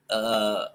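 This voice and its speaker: This man's voice sits on the low side with a fairly bright tone. He's a comic book vlogger chatting loosely about comics, wandering from point to point with slangy talk and lots of fillers.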